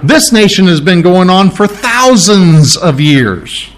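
A man's voice: high-pitched, animated, slow pace. A man, preaching a conversational sermon, often restarting and correcting himself. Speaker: pastor.

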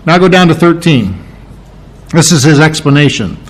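A pastor delivers a sermon, walking his listeners through verses and hammering key words through repetition. His voice sits a little high for a man and swings widely up and down as he stresses each point. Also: animated, normal speed, poor audio. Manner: preaching with emphatic repetition, explaining Greek terms.

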